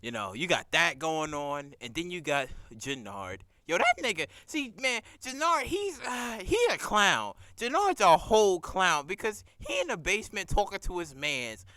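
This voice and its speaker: Animated, bright-voiced male TV recap vlogger. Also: high voice, normal speed, few pauses, no echo. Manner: animated, laughing, swearing, acts out scenes. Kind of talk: casual profane recap chat.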